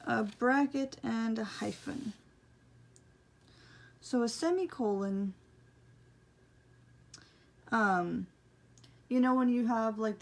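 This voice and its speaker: Her voice mid-pitched and a little mellow, a young woman teaches braille punctuation in a relaxed, wandering way. She keeps apologizing for her explanations and pokes fun at herself.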